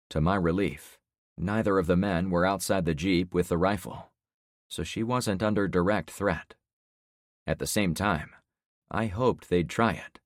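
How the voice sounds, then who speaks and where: A man reading a survival thriller aloud in the first person, with a very low voice. His delivery is steady and dry, carrying the story evenly. The sound is close and free of room echo. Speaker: audiobook narrator. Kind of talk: scripted first-person narration.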